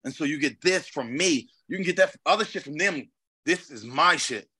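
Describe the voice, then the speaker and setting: Brash, swaggering man with a bright voice. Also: a little high, lively intonation, normal speed, breathy edge, no room sound. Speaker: fighter guest. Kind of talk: casual interview chat.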